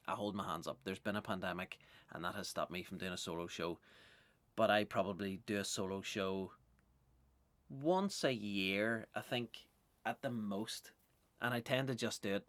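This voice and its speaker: A man's voice: fairly low pitch, fairly bright tone, no room sound. A man from Northern Ireland with a Northern Irish accent, a stand-up comedian hosting a podcast in a loose, self-mocking ramble with swearing.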